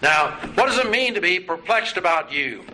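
A man's voice: high voice, big pitch swings, moderate pace, bright, forceful tone. A man teaching a Bible study class, asking his students questions in a patient, folksy way. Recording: noisy room recording.

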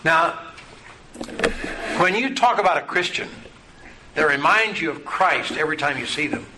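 A man's voice: fairly high pitch, lively intonation, normal speed. A man teaching a Bible study class, asking his students questions in a patient, folksy way. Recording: noisy room recording.

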